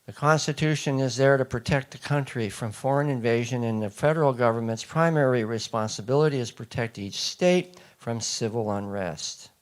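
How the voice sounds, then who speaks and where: A man's voice: medium pitch, normal speed, hardly any pauses. Man giving an emphatic speech. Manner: emphatic, asks the audience rhetorical questions. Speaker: speaker. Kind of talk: speech to a live audience.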